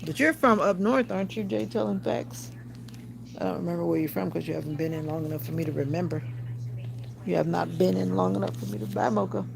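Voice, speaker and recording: A woman's voice: fairly low pitch, fast, vocal fry, background noise. A woman hosting a casual livestream, chatting and answering viewer comments aloud. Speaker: livestream host.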